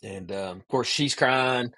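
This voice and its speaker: This podcast guest has a mid-range voice and an unhurried delivery as he relates a lengthy tale. He tells it casually and with animation, sprinkling in "man" again and again.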